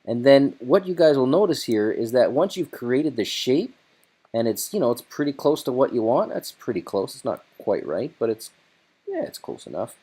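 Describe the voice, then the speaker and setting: A man hosting a casual screen-recorded software tutorial, chatty and loose, thinking aloud as he works. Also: mid-range voice, very animated, moderate pace, husky.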